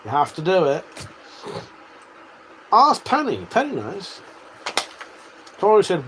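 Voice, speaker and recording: Man, livestream host, swears often, laughs a lot, lively pitch, faint background hiss. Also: slow pace, pauses often, poor audio. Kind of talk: casual livestream chat reading comments.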